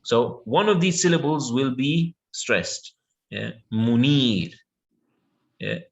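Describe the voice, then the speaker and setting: A man giving an online English lesson in an everyday mid-range voice. He talks patiently, drawing words out and filling the pauses with yeah and okay while he checks that his students follow. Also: mid-range voice, expressive, lo-fi sound. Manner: patient, repeats words slowly with many yeahs and okays. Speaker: English teacher.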